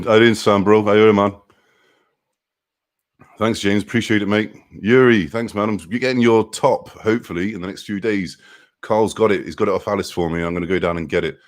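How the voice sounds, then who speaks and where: Here a truck driver with a low voice hangs out on a live stream, reading viewer comments and greeting folks by name. He laughs frequently throughout.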